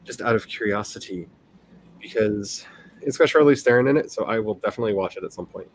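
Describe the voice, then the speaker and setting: A man's voice: fairly low pitch, fast, slight background noise. A man in his forties chatting casually on a livestream, rambling along, reading his chat and laughing often. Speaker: livestream host, writer.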